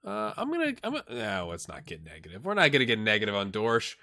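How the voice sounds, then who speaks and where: A man doing a tired but excitable, jokey play-by-play while he plays a game on video, with asides to his viewers. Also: on the low side, fast talker, vocal fry. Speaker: gaming YouTuber. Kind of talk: let's play commentary.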